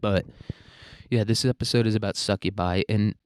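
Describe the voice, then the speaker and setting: A man's voice: lowish voice, fairly even intonation, moderate pace, a little mellow, clear, resonant tone, no echo, clean studio sound. Rambling self-mocking young man podcaster. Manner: rambling, self-deprecating, crude humor. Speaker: podcast host. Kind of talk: solo podcast monologue.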